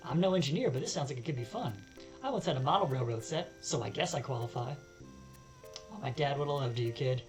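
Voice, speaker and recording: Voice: medium pitch, animated, fast, music in the background, rough recording. A let's-play host reading game text aloud with joking asides. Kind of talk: casual game commentary.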